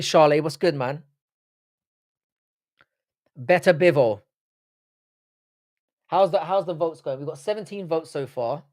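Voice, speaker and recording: A man with a London accent hosting a live stream, chatting casually, reading the chat aloud and trading crude banter. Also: a little high. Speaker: livestream host.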